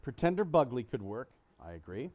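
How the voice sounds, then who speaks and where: A man's voice: mid-range voice, very animated, a little fast, darkish tone. A man co-hosting a casual podcast, telling a crude joke and putting on voices for its characters. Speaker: podcast co-host. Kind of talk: casual crude chat about toys.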